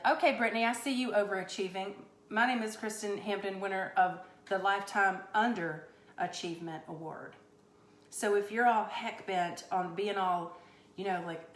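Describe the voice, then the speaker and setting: A woman's voice: medium pitch, normal speed, echoey room. A woman hosting a comedic cooking show on a live stream, rambling through a mock-boastful, tongue-in-cheek story.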